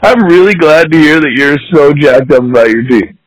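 A man's voice: a little high, lively intonation, normal speed, low-quality recording. A man chatting casually about fantasy football, teasing and laughing a lot. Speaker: podcast co-host.

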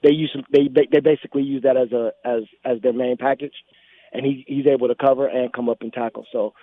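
A man's voice: mid-range voice, fairly even intonation, a little fast. A man calling in to a sports radio show, casually giving his pick for a surprise player. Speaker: caller. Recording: dry tinny phone line.

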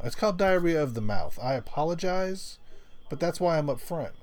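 A man's voice: on the high side, lively intonation, moderate pace. A man telling rambling, profane work stories in casual chat, laughing often. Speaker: storyteller in casual conversation.

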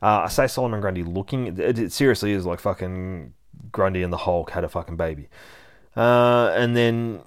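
Low-voiced guy swearing his way through a comic recap, gets all worked up and laughs a lot. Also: normal speed. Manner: profane and excitable, laughs often. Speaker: comic book reviewer. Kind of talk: casual comic book recap.

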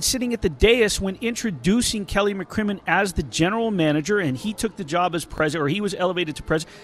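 A man with a high voice talks sports on the radio as a local reporter. He tells stories in an animated, casual way and restarts his sentences often. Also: a little fast, few pauses. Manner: animated, storytelling with many restarts.

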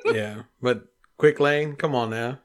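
A man's voice: medium pitch, slow. Profane man telling a shop story. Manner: profane storyteller, acts out quoted people. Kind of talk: casual chat.

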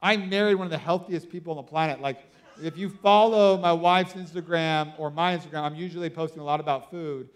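A man in his thirties preaching a sermon, telling stories excitedly with lots of fillers like "like" and "you know". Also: fairly high pitch, a little fast, clear, resonant tone. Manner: excitable storytelling with many fillers. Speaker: pastor.

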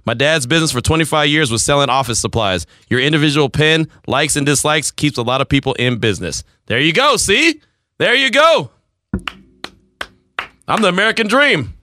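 Man in his forties, sports radio host, lively swooping voice, bright tone, dry close sound. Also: on the high side, moderate pace, no echo. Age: 40s. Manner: laughing, animated, teasing. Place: radio studio.

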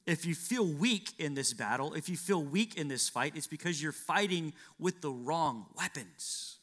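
Bright high-voiced male pastor preaching. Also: animated, unhurried. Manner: preaching with swelling, emphatic repetition. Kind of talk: sermon.

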